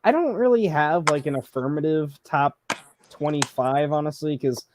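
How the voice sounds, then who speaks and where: A man's voice: on the high side, normal speed, background noise. A man joining a casual film chat with sarcastic remarks. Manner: sarcastic, dry.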